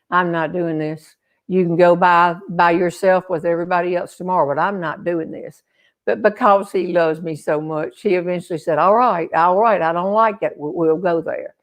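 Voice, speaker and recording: Older woman, comic storyteller, animated delivery, acts out the other voices. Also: fairly low pitch. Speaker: humorist storyteller.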